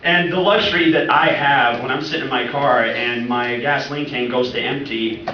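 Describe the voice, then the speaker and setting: A man's voice: mid-range voice, moderate pace, lo-fi sound, a crowd in the background. A young man from Oregon doing stand-up comedy at an open-mic night, rambling and laughing at his own jokes. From Oregon, USA. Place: comedy club stage. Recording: echoey club recorded from far off.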